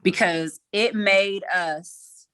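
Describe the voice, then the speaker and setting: A woman's voice: medium pitch, very slow, bright, forceful tone, clean tone, no room sound. A woman, a head coach talking frankly in a casual interview and acting out what people said. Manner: frank, acts out quotes.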